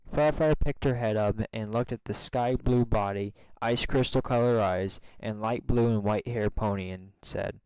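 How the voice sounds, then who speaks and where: A man reading a fan story aloud in plain, steady narration. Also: fairly low pitch, normal speed, few pauses, a little hiss or hum, low-quality recording. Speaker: story reader.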